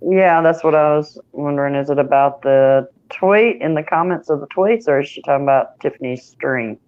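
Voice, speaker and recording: A woman guest chimes in on a livestream with quick questions. Her voice is very low and comes through dull, lo-fi call audio. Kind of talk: casual livestream chat.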